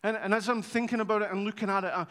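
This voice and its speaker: Male preacher, bright high voice, chatty storytelling sermon, long reverb of a church hall. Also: very fast. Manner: animated, conversational storytelling with humour.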